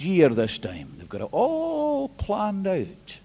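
A man pastor preaching an emphatic sermon, swinging between hushed and loud. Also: high-pitched, huge pitch swings, slow pace, breathy edge, dull audio. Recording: long hall reverb.

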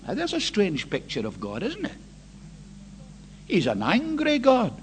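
A male preacher gives an evening sermon in a high-pitched voice. His delivery is impassioned and emphatic, with a wide, swooping melody. He drags out the words he wants to stress and keeps challenging his listeners with rhetorical questions. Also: huge pitch swings, unhurried, pauses often, slightly rough. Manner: asks the congregation rhetorical questions.

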